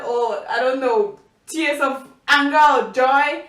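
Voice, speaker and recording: High-voiced woman in a roomy space. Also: takes it slowly. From Cameroon. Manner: chatty, animated, many restarts and fillers. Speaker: vlogger. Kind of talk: casual storytelling to camera. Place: indoor room by a window. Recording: roomy, distant mic.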